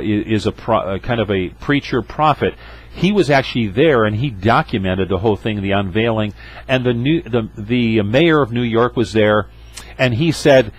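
A man's voice: fairly low pitch, breathy edge, rough recording. A man pastor preaching a sermon, emphatic, with rhetorical asides to his congregation.

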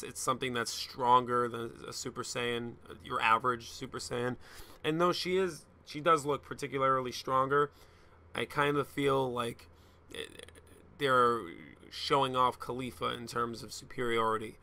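Man for a casual anime review, gravelly and bright, profane and joking. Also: mid-range voice.

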